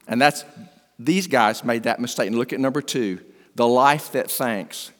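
An older man, a pastor, preaching an earnest sermon that swings between emphatic and hushed. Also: mid-range voice, a little slow. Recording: long hall reverb.

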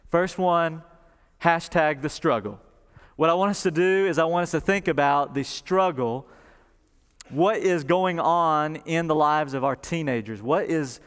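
Animated preacher in an echoing hall. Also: male voice, on the high side, clean tone. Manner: animated storytelling with quick asides. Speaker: pastor. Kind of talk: sermon. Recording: long reverb of a large hall.

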